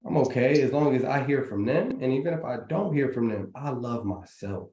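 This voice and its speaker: A man's voice: mid-range voice, moderate pace, mellow, highs cut off, a little hiss or hum. A man hosting a live community chat, talking in a preachy, motivational, slangy way. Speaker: trading community host. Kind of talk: casual live group chat. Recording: roomy echo.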